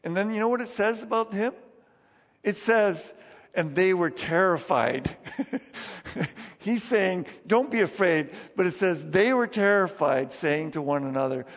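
A man with a high voice preaching a sermon in a church hall with long reverb. He is lively and talks casually, acting out the scenes he tells. The sound is dull. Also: a little slow. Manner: animated, acts out Bible scenes. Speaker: pastor.

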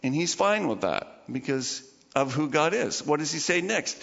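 A man's voice: on the high side, big pitch swings, moderate pace, gravelly, fairly bright tone. A man preaching a sermon as pastor, chatty and informal, with laughing asides to the congregation. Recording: muffled sound with long hall reverb.

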